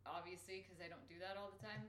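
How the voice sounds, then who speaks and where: A young woman co-hosting a casual TV recap podcast, dry and agreeable, often drifting into quiet asides. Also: fairly low pitch, fairly even intonation, quick pace. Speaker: podcast co-host. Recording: roomy echo.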